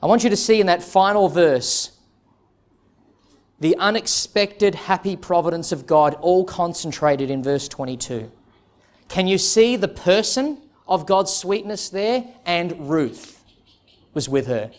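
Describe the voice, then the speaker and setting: A male pastor preaching an expository sermon in an earnest, emphatic way, with dramatic pauses. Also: high-pitched, expressive.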